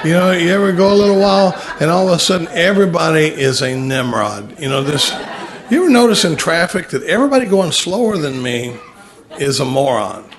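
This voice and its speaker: Folksy, self-mocking male speaker. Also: a little high. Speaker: recovery meeting speaker. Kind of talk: humorous talk on a recovery text.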